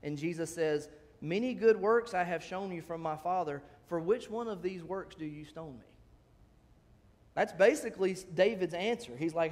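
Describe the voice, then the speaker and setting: A man's voice: sits high, normal speed, a little mellow, in a large hall. A man preaching a sermon, reading scripture and acting out the quoted lines in a raised voice, with chatty asides in between.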